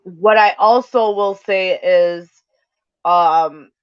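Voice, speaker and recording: Woman co-host, chatty, quick bursts, dry close sound, dull lo-fi audio. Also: fairly low pitch, smooth, dry recording. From North Dakota. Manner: chatty, talks fast in bursts. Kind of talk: casual livestream chat.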